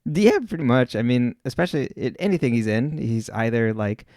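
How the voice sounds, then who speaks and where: A man's voice: mid-range voice, expressive, fairly quick, darkish tone, no echo, clean studio sound. A man co-hosting a podcast in casual chat, rambling and laid-back, with lots of fillers. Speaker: podcast co-host.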